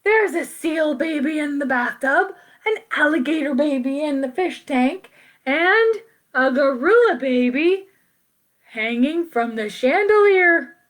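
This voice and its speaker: A woman voicing a panicky father in a read-aloud picture book, yelling in alarm. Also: high voice, animated, a little slow, pitched above the performer's own voice.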